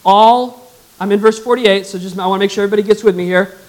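A man's voice: high voice, flat delivery, rapid-fire, poor audio. A male pastor preaching a sermon, emphatic and calling on the congregation to answer back. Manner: emphatic, calls for congregation response.

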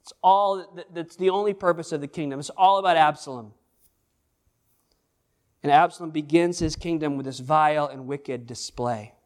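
A male pastor delivering a sermon in a noticeably high voice. He talks with animated emphasis, stumbling and restarting words and driving points home through repetition. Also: normal speed.

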